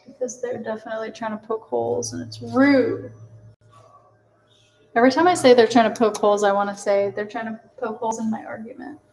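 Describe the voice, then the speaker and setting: A woman's voice: a little high, fairly even intonation, fairly quick, creaky, a little mellow, poor audio. A woman hosting a casual cooking livestream, chatting with herself, laughing at her mistakes and answering viewers' comments. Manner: chatty, self-mocking, reads chat aloud and answers.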